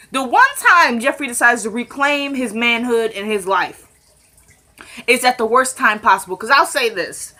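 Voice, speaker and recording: A woman's voice: fairly high pitch, pushed and bright. A woman giving a casual, chatty and opinionated recap of a TV episode, talking straight to her viewers.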